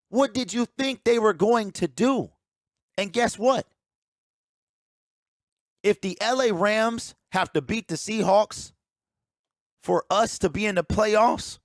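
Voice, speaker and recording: Emphatic man, sports commentary, ranting tone, somewhat high voice, dry close sound. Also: dry recording. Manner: emphatic, ranting, repeats key points. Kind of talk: opinionated sports talk.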